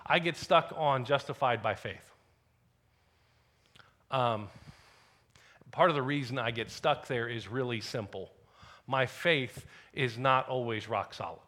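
A middle-aged man preaches from the pulpit with a bright, forward voice. He speaks like he is telling friends a story, at a medium pitch. Now and then he drops into quiet asides. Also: a little slow, long pauses. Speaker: pastor. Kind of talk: sermon.

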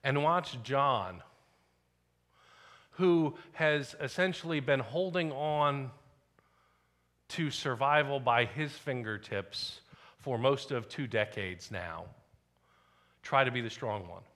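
A middle-aged man preaches from the pulpit with a bright, forward voice. He speaks like he is telling friends a story, at a medium pitch. Now and then he drops into quiet asides. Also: takes it slowly, long pauses. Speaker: pastor. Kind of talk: sermon.

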